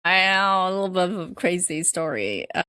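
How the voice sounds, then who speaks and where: A woman co-hosting a podcast in casual chat, talking haltingly with many fillers and restarts and laughing between phrases. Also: fairly low pitch, lively intonation, sharp tone, no echo. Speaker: podcast co-host.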